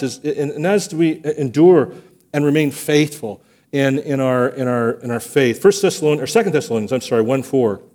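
A man preaching a sermon as pastor of a church, telling stories and acting out quotes with lively energy. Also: mid-range voice. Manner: animated storytelling, acts out quotes. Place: church sanctuary.

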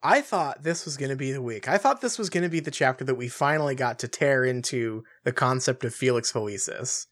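A woman co-host joins the chat with wry, joking comments. Her voice is low but very lively, swinging up and down in pitch as she talks. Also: fairly quick, hardly any pauses. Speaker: podcast co-host. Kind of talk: casual chat.

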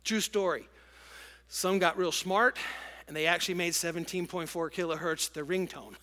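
A middle-aged man preaching a sermon to a congregation, telling stories in an animated, emotional way. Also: high voice, normal speed. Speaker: pastor. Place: large church auditorium with congregation. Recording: long church hall reverb.

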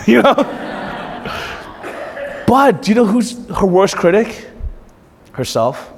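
Higher-voiced man preaching in a hall. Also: unhurried, long pauses, a little hiss or hum. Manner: conversational preaching, swings from lively asides to hushed intensity. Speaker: pastor. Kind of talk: sermon. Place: church hall. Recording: long reverb of a hall.

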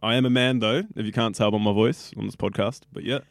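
His voice sits on the low side with a steady tone, a quick pace and vocal fry: a 21-year-old New Zealander studying radio, chatting casually in an interview. He rambles, uses lots of fillers and says "like" often, recorded without echo.

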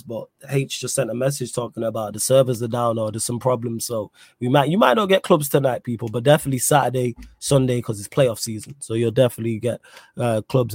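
Male podcast host, upbeat slangy promo delivery, mid-pitched and dry. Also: no echo. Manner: energetic, rapid promo shout-outs in slang. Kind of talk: casual podcast outro with plugs.

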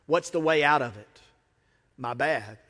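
Heard in a large hall with long reverb, an American man from the United States preaches as a pastor. His voice is fairly high and fairly bright, a little slow, and he speaks conversationally with emphatic repetition.

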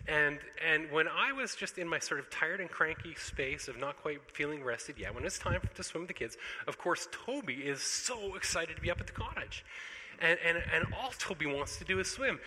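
A man's voice: a little high, fast, in a large hall, rough recording. A middle-aged man preaching a sermon as pastor, telling stories animatedly and acting out the scenes. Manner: animated storytelling, acts out scenes.

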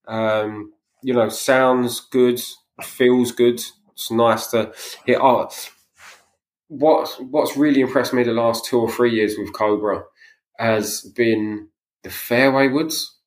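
A man's voice: mid-range voice, fairly even intonation, slow pace. Rambling man in a roomy room. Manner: rambling storyteller, many fillers and restarts. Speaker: podcast co-host, golfer. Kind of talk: casual chat.

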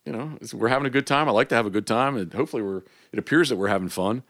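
A man's voice: medium pitch, racing. A man being interviewed on a podcast, telling stories in a casual way and acting out the back-and-forth of what people said to him. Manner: animated storyteller who acts out quoted exchanges. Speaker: hunting and fishing guide.

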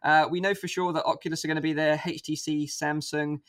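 A man hosting a casual panel chat, relaxed and chatty with many fillers. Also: fairly high pitch, a little fast. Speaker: podcast host.

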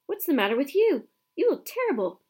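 A woman's voice: high-pitched, big pitch swings, brisk, darkish tone, voice pushed up. A woman voicing a blunt, grumpy teenage boy in a storybook reading.

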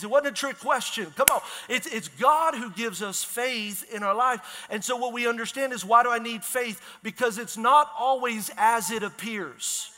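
A man preaching as a pastor in a church, energetic and conversational, asking the congregation questions. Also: very high voice, normal speed, hardly any pauses. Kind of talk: sermon. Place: church sanctuary. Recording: long hall reverb.

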